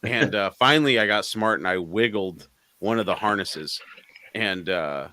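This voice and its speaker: A man's voice: fairly low pitch, moderate pace, pushed and bright, no echo. A man co-hosting a live car show, telling a story in casual chat, swearing freely and laughing between lines.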